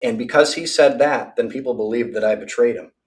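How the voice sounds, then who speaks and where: A man's voice: mid-range voice, fairly quick, far from the mic. A man delivering an angry, profane rant full of threats and repetitions.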